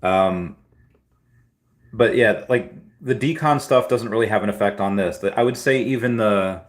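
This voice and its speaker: Low-voiced man rambling on a stream. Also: normal speed. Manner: rambling, restarts and repeats words. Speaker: livestream host answering chat. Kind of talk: casual livestream chat.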